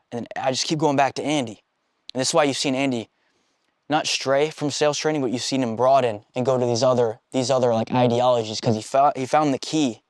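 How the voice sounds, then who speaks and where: A man's voice: mid-range voice, no echo. Blunt, profane man giving a motivational sales talk, dry recording. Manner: blunt, swears constantly, acts out quoted dialogue. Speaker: sales trainer. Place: meeting room with a small group.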